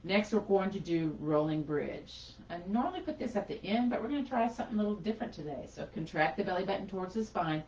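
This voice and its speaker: A woman instructor guiding a gentle yoga class, chatty and encouraging, a little breathless as she does the poses alongside. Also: medium pitch, lively intonation, fast talker, slight background noise. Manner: encouraging, chatty, talks while doing poses. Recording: echoey room, far from mic, dull lo-fi.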